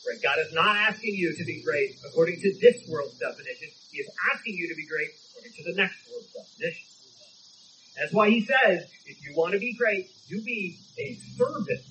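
High-voiced man preaching a sermon. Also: animated, a little fast, sharp tone, slight background noise, low-quality recording. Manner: storytelling, emphatic and conversational. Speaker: pastor.

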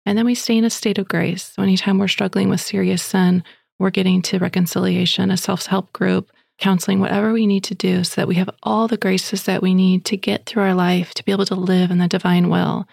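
Woman podcast host, faith show, some vocal fry, dry close mic, chatty storyteller. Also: mid-range voice, fairly quick, dry recording. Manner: chatty, animated storytelling with voiced quotes. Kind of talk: faith podcast monologue with prayer and stories.

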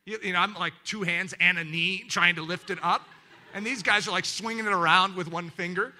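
A male pastor preaching with a high, very bright voice. He is animated, jumps from loud, emphatic bursts to quiet, intimate asides, and talks to his listeners directly. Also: brisk. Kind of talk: sermon.

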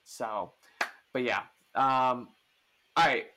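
A man's voice: medium pitch, extremely slow, background noise. A man hosting a podcast, chatting casually about sports with lots of fillers and restarts. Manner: rambling, full of fillers and restarts. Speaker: podcast host.

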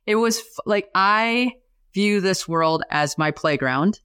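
A woman in her forties, a podcast guest telling her story in a lively way and acting out the voices she quotes. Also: slow, clear, resonant tone, no echo, clean studio sound. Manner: animated, acts out quoted voices with big pitch jumps. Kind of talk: storytelling in a casual interview.

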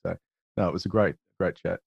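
A man's voice: low voice, fairly even intonation, fairly quick, vocal fry, slightly rough, no room sound, lo-fi sound. A man, a podcast guest talking in a chatty, rambling way with many restarts. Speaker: podcast guest, documentary filmmaker. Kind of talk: casual podcast chat.

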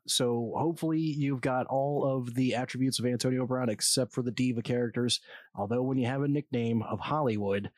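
A man's voice: medium pitch, no echo, studio quality. Blunt man talking football picks. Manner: opinionated, blunt, swears casually. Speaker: football draft commentator. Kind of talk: casual sports commentary.

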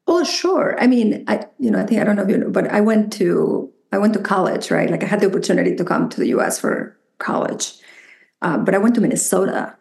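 A woman with a Mexican Spanish accent speaks with a gravelly edge to her voice. She tells her experiences in a reflective, animated way, often slipping into the voices of people she quotes. The room around her is echoey. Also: medium pitch, fast talker. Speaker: psychotherapist guest. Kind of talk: conversational interview.

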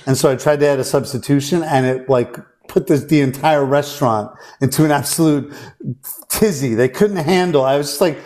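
A man's voice: mid-range voice, fairly quick. A man in his forties, a podcast host, telling a casual story and acting out the voices of the people in it. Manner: animated, acts out quoted voices.

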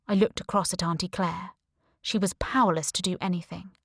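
A woman's voice: on the low side, fairly even intonation, fairly quick, vocal fry, a bit bright, husky, dry recording, clean studio sound. Woman narrating a thriller audiobook. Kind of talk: first-person audiobook narration.

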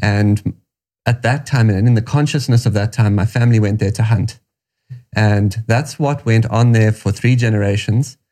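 A man with a South African accent answers an interviewer in a reflective, storytelling way. His voice sits low and warm, with a soft, dark tone. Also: moderate pace. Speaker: guest.

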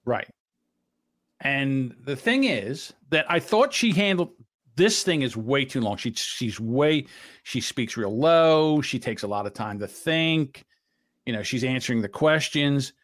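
A man's voice: mid-range voice, lively intonation, a little slow, a bit bright. Blunt rambling man hosting a podcast. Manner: rambling, blunt, swears freely. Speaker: podcast host. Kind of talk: casual chat.

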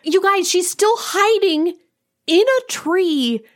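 A woman's voice: extremely high pitch, takes it slowly. A young woman co-hosting a casual chat, telling a story and quoting the characters. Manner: chatty, quotes characters with voices. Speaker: podcast co-host.

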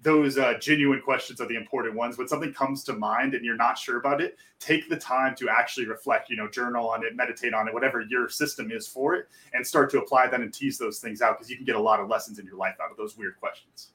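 A man's voice: medium pitch, steady tone, fast, hardly any pauses, sharp tone. A man who coaches people on finding their purpose, talking earnestly and encouragingly as a podcast guest. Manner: earnest, encouraging, many fillers. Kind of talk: casual interview chat.

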